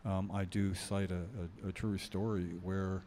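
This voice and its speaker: Low, mellow-voiced man. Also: little pitch movement, slight background noise. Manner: halting, many fillers. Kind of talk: podcast conversation.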